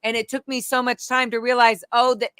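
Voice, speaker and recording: A woman's voice: a little high, brisk, smooth, dry recording, clean studio sound. A woman guest telling candid stories in conversation, swearing freely and acting out other people's voices. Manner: animated, profane, acts out quoted voices.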